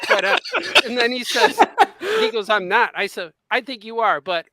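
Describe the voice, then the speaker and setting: A man's voice: sits high, big pitch swings, moderate pace, heavy background noise. A man co-hosting a podcast, telling an anecdote in a casual chat and acting out the quotes. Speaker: podcast co-host.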